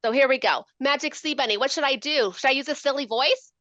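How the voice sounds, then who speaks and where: Woman educator, bright lively voice, dry dull video-call sound, playful demo style. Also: sits high, quick pace, few pauses, no room sound. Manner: animated, playful, asks questions. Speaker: literacy educator. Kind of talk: lively teaching demonstration.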